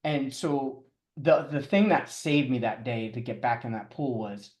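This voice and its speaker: A man's voice: medium pitch, a little mellow. Chuckling man retelling a story, echoey room. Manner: halting, with frequent restarts and chuckles. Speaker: podcast guest, triathlete. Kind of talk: casual storytelling interview.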